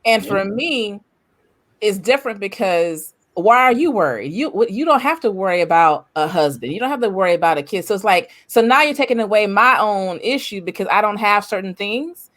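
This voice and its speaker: A woman's voice: medium pitch, lively intonation, a little fast, few pauses, fairly bright tone. A woman on a podcast panel, talking emphatically and passionately, hammering home repeated rhetorical questions. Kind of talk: casual discussion.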